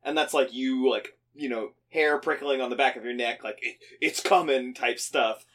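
A young man with a mid-range voice and moderate pace chats casually as a podcast co-host. He tells animated stories, swears often, and laughs.

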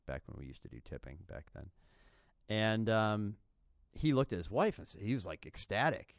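A man's voice: lowish voice, animated, moderate pace, no echo, studio quality. A man guest on a podcast, telling a story in a laid-back, chatty way with lots of fillers. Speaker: restaurateur guest.

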